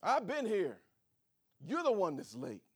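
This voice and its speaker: Animated, shouting preacher man. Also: measured pace, breathy edge. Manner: dramatic swings between loud shouted lines and low quiet asides, with frequent laughs. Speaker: pastor. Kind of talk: sermon.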